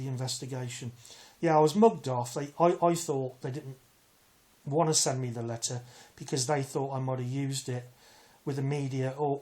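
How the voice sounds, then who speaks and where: A man's voice: medium pitch, darkish tone. A man, telling an aggrieved personal story in a rambling way, full of restarts and asides. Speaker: vlogger. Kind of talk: casual storytelling to camera.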